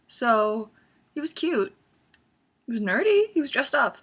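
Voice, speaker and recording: A young woman vlogging in a casual, storytelling way, animated and acting out her own excitement as she recounts events. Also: on the high side, a little slow, breathy edge.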